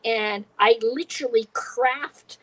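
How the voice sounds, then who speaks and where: A woman comedian telling a story in a casual interview, animated and acting out other people's lines. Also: a little high, slow, poor audio. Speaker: comedian guest. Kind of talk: conversational storytelling.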